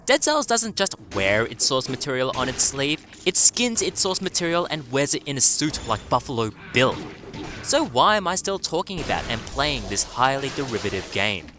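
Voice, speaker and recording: A man's voice: medium pitch, noisy background. A man narrating a scripted game review with a dry, sardonic delivery. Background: music.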